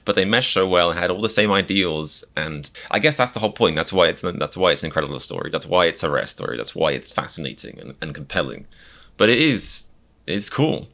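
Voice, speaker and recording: A man's voice: sits low, lively intonation, brisk, gravelly, sharp tone. A man giving casual reaction commentary as a comedian, chatty and wry, with lots of fillers and self-mocking asides.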